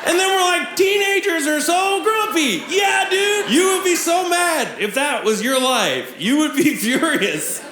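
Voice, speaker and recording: A young male comedian performs a live stand-up set, his high voice leaping wildly as he shouts punchlines. It sounds like a stage mic in a roomy, echoing theatre, with a clear hum of audience noise behind him. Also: measured pace, hardly any pauses. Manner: animated, breaks into shouting for punchlines; laughs at his own jokes.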